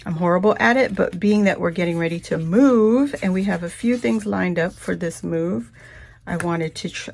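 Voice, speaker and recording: A woman vlogger chatting casually through a shopping haul, rambling and breaking into high, gushing squeals over cute things. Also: vocal fry. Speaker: craft vlogger.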